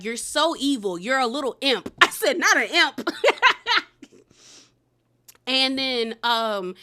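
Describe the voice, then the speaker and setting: A woman's voice: fairly high pitch, sharp tone. A woman giving a casual, sassy recap of a reality TV episode, retelling the scenes in quoted voices and laughing now and then.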